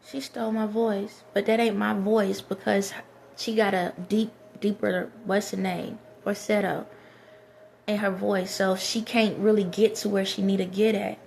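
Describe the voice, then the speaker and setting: A woman's voice: medium pitch, little pitch movement, measured pace, creaky, a little mellow. Woman, vlogger, casual to-camera monologue, rambling, repeats herself, faint background hum. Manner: rambling, repeats phrases, many fillers and restarts.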